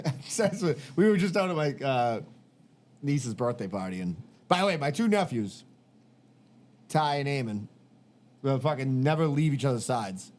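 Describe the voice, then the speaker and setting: A man's voice: mid-range voice, expressive, normal speed, pauses often, darkish tone. A man, telling rambling, profane stories on a casual podcast and acting out what people said. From Massachusetts. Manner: profane, rambling storyteller who acts out quotes. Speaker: podcast host.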